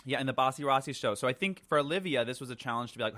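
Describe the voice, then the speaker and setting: A man's voice: medium pitch, expressive, racing, few pauses, bright, forceful tone. A man who is a drag queen, a guest in a casual chat, dishing critiques with playful camp flair.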